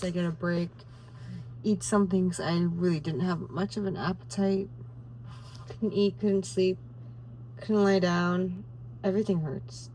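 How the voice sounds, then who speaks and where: A woman's voice: lowish voice, steady tone, measured pace, long pauses, darkish tone, far from the mic, low-quality recording. Woman, twenties, vlogger, in pain, frustrated, laughing it off, off-mic, faint noise. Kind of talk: casual vlog talk to camera.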